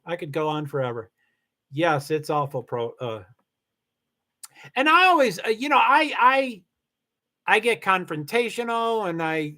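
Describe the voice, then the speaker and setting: In a high, fairly bright voice, a middle-aged man runs a casual livestream, reading chat and talking with viewers. It's rambly and full of restarts, with the odd swear when things heat up.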